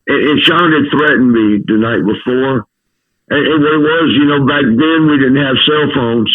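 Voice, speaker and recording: A man telling a rough story as a podcast guest, swearing, laughing and repeating his words as he goes. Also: medium pitch, normal speed. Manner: profane, laughing, stammering repeats. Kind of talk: casual storytelling. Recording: tinny phone-like line.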